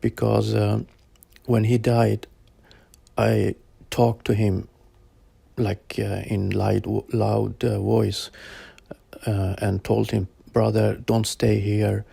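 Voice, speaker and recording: Slow, gravelly man recounting a vision. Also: fairly low pitch, level tone, mellow, dry recording. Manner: slow, halting, searching for words. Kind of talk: personal account told to interviewer.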